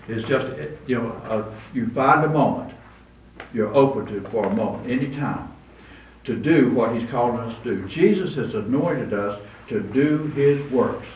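A man preaching a conversational sermon, with asides and restarts, recorded in a church. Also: medium pitch. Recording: roomy echo, distant mic, faint room noise.

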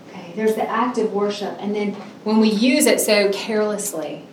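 A woman's voice: medium pitch, darkish tone, slight background noise. A middle-aged woman preaching a sermon, earnest and emphatic, drawing out key words. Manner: earnest, emphatic, with drawn-out stresses. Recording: echoey, from a distance.

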